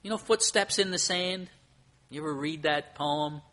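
A man's voice: on the high side, moderate pace, bright, forceful tone. A man preaching a sermon as pastor, earnest, with emphasis that rises and falls. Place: church.

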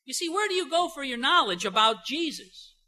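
Male pastor, sermon delivery, bright edgy tone, emphatic, talky with "you know" fillers. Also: very high-pitched, very animated, a little fast, poor audio. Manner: swings between soft and loud emphasis.

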